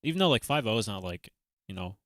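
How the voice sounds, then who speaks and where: A man's voice: lowish voice, very animated, quick pace, no room sound, clean studio sound. A young man hosting a reaction livestream, rambling casually with lots of fillers and the odd swear word. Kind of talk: casual chat.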